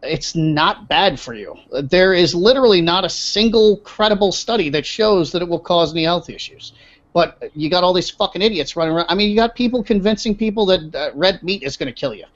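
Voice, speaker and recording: A man's voice: sits high, expressive, a little fast. A man hosting a casual podcast, blunt, opinionated and profane. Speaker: podcast host. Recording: dull lo-fi sound.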